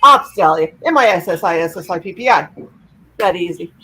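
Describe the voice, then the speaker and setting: A woman's voice: fairly low pitch, expressive, fairly quick, bright, forceful tone, husky. A woman chatting on a video call, playful and teasing, laughing often. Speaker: regular on a video call chat. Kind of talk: casual chat.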